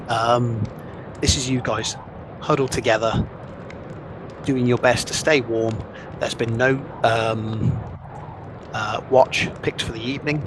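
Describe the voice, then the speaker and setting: Man, game master narration, relaxed and conversational, mid pitch, noisy background. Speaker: dungeon master.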